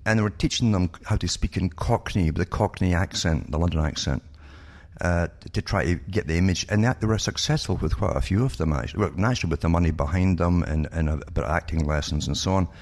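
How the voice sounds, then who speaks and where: Older guy, really low gravelly voice, a bit husky, just telling it how it is on a radio show. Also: fast, darkish tone. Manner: knowing, matter-of-fact storytelling. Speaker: radio guest. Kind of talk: conversational radio interview.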